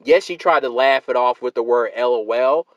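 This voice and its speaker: A man's voice: mid-range voice, normal speed, no echo, highs cut off. Emphatic man ranting to his viewers. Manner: emphatic and argumentative, repeats points, calls listeners fam and sister. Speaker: YouTube channel host. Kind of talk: heated solo rant to camera.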